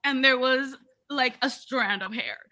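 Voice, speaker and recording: A young woman co-hosting a podcast, telling a story in casual chat, animated and laughing, acting out other people's voices. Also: sits high, unhurried. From Latina. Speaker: podcast co-host.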